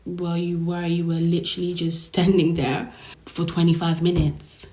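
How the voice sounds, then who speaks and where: A woman's voice: fairly low pitch, little pitch movement, moderate pace, mellow, roomy sound, lightly acted. A woman voicing a baffled, exasperated young male housemate who speaks emphatically in disbelief. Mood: incredulous. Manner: incredulous, emphatic.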